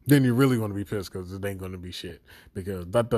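Profane, animated man reviewing a series. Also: sits low, fast talker. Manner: profane, animated storytelling with acted inner voices. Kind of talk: casual spoken review.

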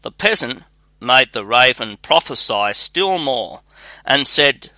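A man reads a fairy tale aloud at a slow, measured pace. His tone is very bright and forward. The sound is dry and close to the mic. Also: medium pitch, no room sound. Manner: measured, even read-aloud delivery. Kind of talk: storybook narration.

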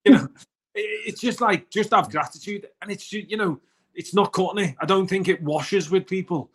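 A man's voice: high-pitched, normal speed. A man with a British accent co-hosting a morning wellness chat, talking earnestly and rambling with many restarts. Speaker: co-host of a morning wellness show. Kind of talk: casual morning show chat.

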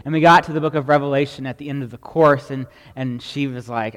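A man's voice: medium pitch, fast talker, few pauses. Man, pastor, sermon, conversational preaching, long echoing hall reverb. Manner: conversational preaching with frequent "right?" asides.

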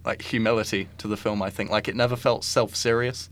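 Guy rambling casually about movies, lowish voice, tons of "like" fillers. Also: fairly even intonation, fairly quick, fairly bright tone. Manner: rambling, many "like" and "I think" fillers. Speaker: podcast co-host. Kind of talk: casual film discussion.

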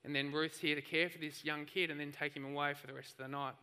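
Bright-voiced preacher in a church hall. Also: male voice, fairly high pitch, fast, clean tone. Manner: animated storytelling preacher. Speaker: pastor. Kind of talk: sermon.

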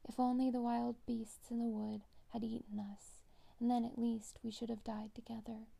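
A woman's voice: a little high, flat delivery, normal speed, vocal fry, mellow. A woman voicing a frightened, tearful little girl in a storybook reading. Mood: tearful pleading. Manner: pleading.

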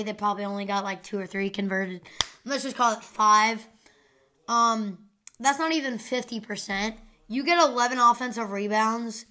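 A woman's voice: on the high side, sharp tone. A young woman hosting a podcast, rambling through live sports stats in a casual way, with lots of fillers as she thinks aloud. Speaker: podcast host.

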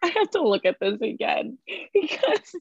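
A woman's voice: high voice, normal speed, vocal fry, slightly rough, no echo. A young woman with a New Jersey accent, co-hosting a casual podcast and telling stories with lots of "like.". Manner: chatty, animated storytelling with lots of "like". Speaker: podcast co-host. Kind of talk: casual chat. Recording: dry, dull lo-fi sound.

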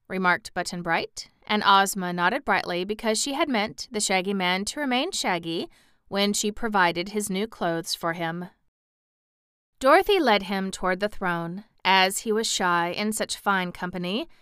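A woman reads a children's fantasy story aloud in an even, expressive manner. Her voice is bright and exceptionally clear, captured close and dry with no room sound. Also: mid-range voice, unhurried, no room sound. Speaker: audiobook narrator. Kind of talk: scripted storybook narration.

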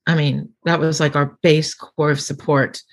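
In a casual storytelling interview, a middle-aged female comedian guest wanders through anecdotes, performing the voices of those she quotes. Her voice sits low, with a flat delivery at a normal speed.

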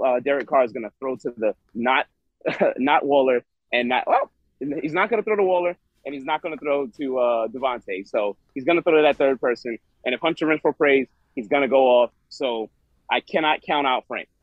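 A man co-hosting a podcast, talking in a rambling, animated way with frequent restarts. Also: mid-range voice, normal speed, no room sound, narrow, tinny audio. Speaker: podcast co-host. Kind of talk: casual chat.

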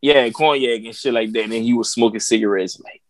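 A man's voice: medium pitch, steady tone, brisk, a little hiss or hum. A man co-hosting a casual podcast, telling a rambling story in a laid-back way. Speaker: podcast co-host.

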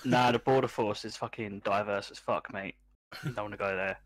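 A man's voice: fairly low pitch, fairly even intonation, fairly quick, poor audio. A man in a casual chat, making blunt, swearing asides.

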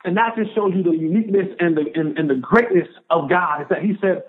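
A man tells a long personal story in an interview with lively energy, acting out every exchange he quotes. His voice sits a little high for a man. The sound is thin and narrow, like a phone line. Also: quick pace, few pauses. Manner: animated storyteller, acts out quoted dialogue. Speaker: podcast guest, former pro football player.

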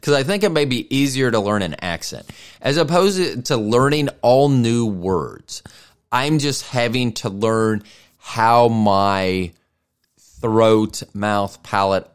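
Rambling low-voiced man hosting a podcast. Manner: rambling, self-deprecating, thinks aloud. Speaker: podcast host. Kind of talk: casual solo podcast monologue.

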